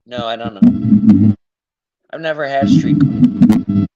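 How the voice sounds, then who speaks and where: A man's voice: medium pitch, huge pitch swings, takes it slowly. A man joining a livestream as a guest, chatting casually in a teasing, joking way. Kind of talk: casual chat. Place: joined remotely into a livestream. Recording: muffled stream audio with loud music behind.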